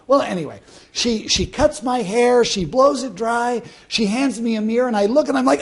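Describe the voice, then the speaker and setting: This motivational speaker, a man in his fifties from Southern California, has a very high-pitched voice and talks at normal speed. He gives a self-help talk, tells a personal story and poses rhetorical questions to the listener.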